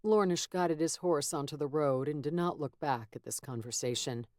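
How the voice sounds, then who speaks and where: Low-voiced woman narrating an audiobook. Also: no room sound, studio quality. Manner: measured, steady storytelling. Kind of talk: scripted narration.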